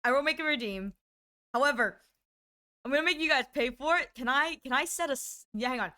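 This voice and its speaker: A young adult woman streaming live, chatting casually with her chat and squealing in excitement when surprised. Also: sits high, a little fast.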